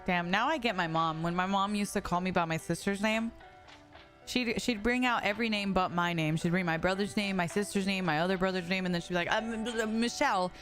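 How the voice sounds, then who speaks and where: A young woman chats with her stream viewers while she games, loose and playful, with a good deal of swearing and laughter. Her voice sits at an ordinary middle pitch. Music plays clearly behind her. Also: fairly quick, fairly bright tone. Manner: chatty, swearing, laughing often, playful banter with chat. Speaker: live streamer. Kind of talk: casual live-stream chat while gaming.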